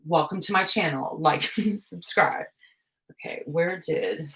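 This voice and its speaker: A young woman talks through a craft live stream in a slightly low voice. She is scatterbrained and self-mocking, breaking into frequent laughs. The talk stays casual and chatty. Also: measured pace, fairly bright tone. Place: home craft room.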